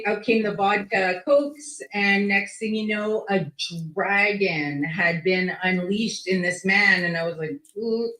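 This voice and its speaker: A woman guest telling a story in casual chat, lively and full of quoted speech and swearing. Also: mid-range voice. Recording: echoey room.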